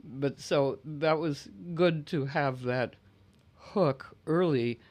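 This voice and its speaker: A man hosting a casual conversation, talking in a discursive, reflective way and often clearing his throat. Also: a little high, slow, a little mellow.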